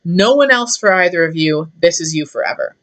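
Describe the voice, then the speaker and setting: A woman's voice: lowish voice, animated, brisk, a bit bright. Zeus, a scolding god-king, as a woman puts him on. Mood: exasperated. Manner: exasperated, scolding, slangy. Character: fed-up male king of the gods, bossy.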